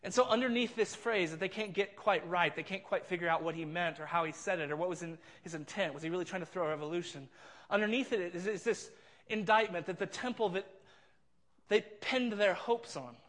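A man's voice: high voice, brisk, a bit bright. A man preaching a sermon, retelling a scene with earnest, vivid storytelling and frequent repeats. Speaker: pastor.

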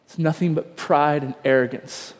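Guy preaching, kinda high voice, chatty and self-deprecating, lots of ums, big echoey hall. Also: steady tone, normal speed. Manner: conversational, self-deprecating storytelling with many fillers. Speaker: pastor. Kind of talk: sermon.

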